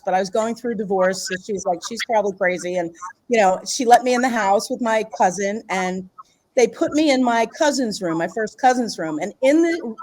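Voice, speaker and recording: Her medium-pitched voice carries a darkish tone as this middle-aged guest, an author and healer, tells a personal story in a relaxed interview. She rambles, keeps restarting phrases, and frequently breaks into laughter.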